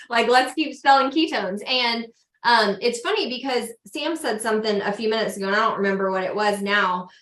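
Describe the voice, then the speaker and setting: Woman, Southern country accent, chatty, upbeat, bright voice, echoey video call. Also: medium pitch. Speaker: sales team mentor. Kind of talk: casual team video call.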